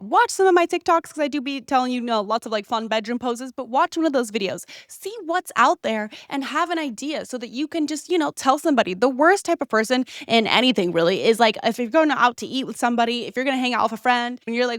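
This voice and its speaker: A young woman hosting a podcast, giving blunt, brash advice in casual chat, her voice nasal from a cold with a touch of vocal fry. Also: a little high, lively intonation, quick pace, dry recording, clean studio sound. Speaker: podcast host.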